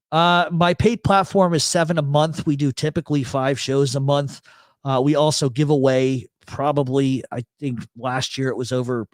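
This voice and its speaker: A New York man hosts a loose livestream chat from his home studio, blunt and joking, with swearing sprinkled in. His mid-pitched voice comes through an expensive studio mic and processor, close and dry with no room sound. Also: dry recording. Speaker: host.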